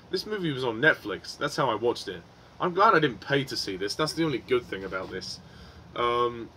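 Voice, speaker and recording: A man's voice: medium pitch, pushed and bright, a little hiss or hum. A man giving a frustrated, swearing film review, with many ums and restarts.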